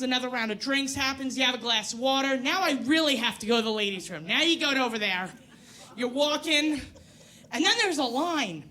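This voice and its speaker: Woman in her 40s, stand-up comic; high, bright, brash and profane, working a club crowd on a stage mic. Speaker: stand-up comedian. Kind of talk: stand-up comedy set.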